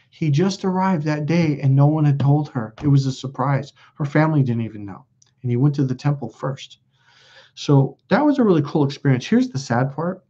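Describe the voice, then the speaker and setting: Husky guy rambling and cussing on a stream, reading comments, muffled lo-fi audio. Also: fairly high pitch, expressive, normal speed, warm tone. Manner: blunt, profane, rambling storyteller. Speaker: host. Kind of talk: casual livestream chat reading viewer comments. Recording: dull lo-fi recording.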